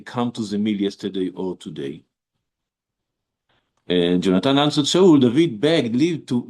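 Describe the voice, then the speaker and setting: Brief: male rabbi, mid-pitched, informal class, hesitant explaining style. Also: darkish tone. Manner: halting, with many restarts and fillers, reads verses aloud. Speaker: rabbi teaching a Bible class. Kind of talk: informal Bible lesson.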